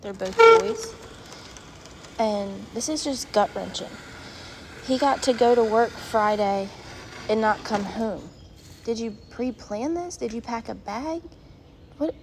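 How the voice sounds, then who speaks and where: A woman in her thirties, tearful, speaking in an emotional, halting, rambling way in a personal vlog. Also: fairly high pitch, darkish tone, a little hiss or hum. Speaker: vlogger. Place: rural home, barn nearby.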